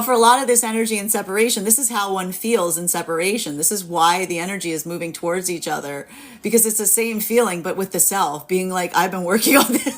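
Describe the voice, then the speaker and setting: A woman's voice: mid-range voice, quick pace. A young woman giving a live tarot reading, rambling with many fillers and frequent laughs. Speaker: tarot reader.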